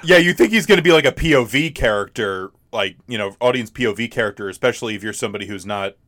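A man co-hosting a casual podcast about a film, halting and full of fillers. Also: mid-range voice, a bit bright, no echo, studio quality. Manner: halting, repeats words, many fillers. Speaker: podcast co-host. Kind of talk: casual movie discussion.

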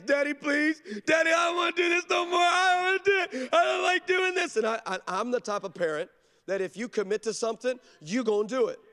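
A man preaching a sermon as pastor, with an energetic, emphatic storytelling delivery. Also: high voice, in a large hall. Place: large church.

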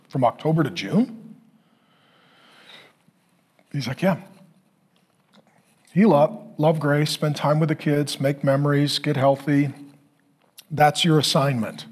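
A man in his forties telling a personal story in a sermon, acting out conversations with God and his family in an animated way. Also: medium pitch, husky. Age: 40s. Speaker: pastor.

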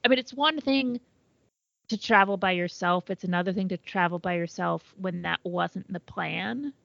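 A woman co-hosting a podcast in casual chat, supportive and animated, swearing freely. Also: on the low side, moderate pace, vocal fry, no room sound, dull audio. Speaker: podcast co-host.

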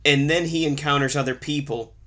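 A man's voice: on the high side, fairly even intonation, brisk, sharp tone. A man co-hosting a casual movie review chat, ranting sarcastically and swearing often. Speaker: podcast co-host.

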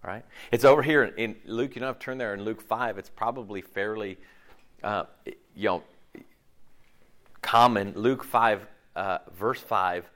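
A middle-aged man preaching a casual, conversational sermon, chatty and animated, with slangy asides and frequent restarts. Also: fairly low pitch, unhurried. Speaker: pastor.

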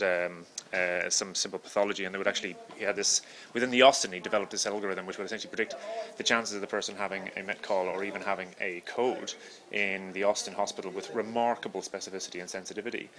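A man hosting an interview, talking rapidly and enthusiastically with rambling asides. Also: sits low, steady tone, sharp tone. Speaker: podcast host, doctor. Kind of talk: conversational interview.

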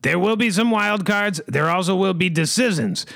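A man's voice: high-pitched, normal speed, creaky, a bit bright, dry recording, studio quality. A man running an improvised comedy game as game master, announcing decisions and wild cards and repeating a rhyming catchphrase. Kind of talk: improvised comedy role-play narration.

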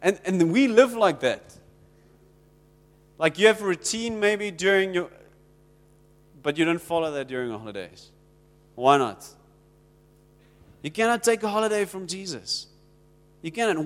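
A man's voice: high-pitched, long reverb tail. A South African man preaching a sermon in a conversational way, acting out the little exchanges he quotes. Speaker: pastor.

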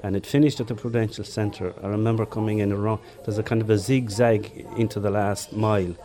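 An older man with a Limerick Irish accent, a former marathon runner telling relaxed stories in an interview with chuckles along the way. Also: lowish voice, a little fast. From Ireland. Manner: chatty anecdotes with chuckles. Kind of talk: relaxed storytelling.

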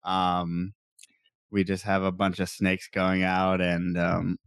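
A young man chats loosely on a podcast, rambling and doubling back on himself. His voice sits low and sounds smooth and resonant. The recording is dry and close, with no room sound. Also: completely flat delivery, slow pace, no room sound. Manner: rambling, laid-back, self-correcting. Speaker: podcast co-host and snake breeder. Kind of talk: casual podcast chat.

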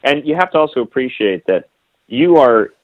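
A man's voice: mid-range voice, expressive, moderate pace, dry recording. Male podcast guest, casual rambling talker, restarts often; dry, slightly muffled recording. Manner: rambling storyteller, many restarts and fillers. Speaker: photographer guest. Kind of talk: casual interview chat.

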